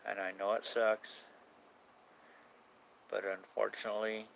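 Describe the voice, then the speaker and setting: A man's voice: fairly low pitch, little pitch movement, unhurried, creaky, fairly bright tone, a little hiss or hum, poor audio. Rambling man chatting on a live stream. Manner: rambling, swears casually, answers chat questions. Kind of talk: casual live stream chat with viewers.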